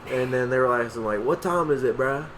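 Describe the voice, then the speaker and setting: A young man talks casually on a podcast, loose and profane, leaning on slang as he tells stories. His pitch sits in a middle range. A faint hum of air conditioning runs underneath. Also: brisk. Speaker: podcast co-host. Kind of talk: casual chat.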